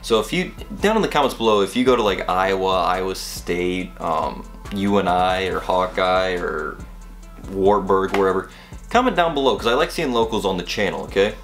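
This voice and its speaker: A young man vlogger telling college stories in a casual, rambling, animated way, full of fillers. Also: deep voice, moderate pace, faint music behind. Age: young adult. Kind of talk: casual storytelling vlog.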